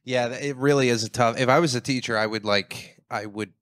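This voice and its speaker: A man's voice: mid-range voice, brisk, a bit bright, dry recording, studio quality. A young man co-hosting a casual podcast, trading crude jokes and laughing often. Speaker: podcast co-host. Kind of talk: casual chat.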